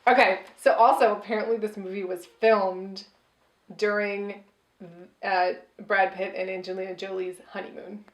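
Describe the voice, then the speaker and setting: A woman's voice: medium pitch, little pitch movement, moderate pace. A woman co-hosting a casual movie review show, dry and sarcastic. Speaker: podcast co-host. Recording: echoey room.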